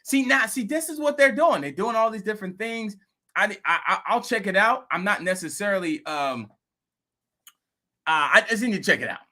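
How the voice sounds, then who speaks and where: A man hosting a crypto vlog, telling a rambling, animated story in casual talk. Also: sits high, normal speed. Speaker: crypto video host.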